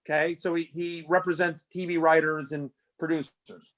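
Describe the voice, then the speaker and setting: Fairly high-pitched and at a moderate pace, this fantasy sports analyst is a guest in a casual interview. His stories ramble, with lots of fillers and restarts, told animatedly.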